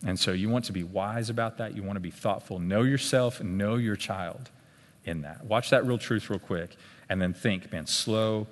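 A man giving a conversational live talk at a church parenting workshop, often checking in with his listeners with a quick "okay?". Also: fairly low pitch. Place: meeting room with tables. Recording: long hall reverb in a big room.

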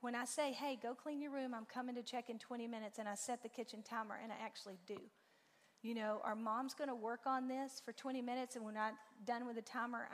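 A woman giving a lively, informal talk to a church parenting group, acting out her own stories as she goes. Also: on the high side. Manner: animated storytelling, acts out her own lines. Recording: long reverb in a large room.

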